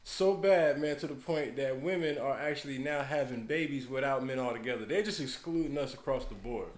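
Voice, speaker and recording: A man's voice: mid-range voice, fairly quick, roomy sound. A male co-host making emphatic points in casual podcast chat. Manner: emphatic, preachy complaining.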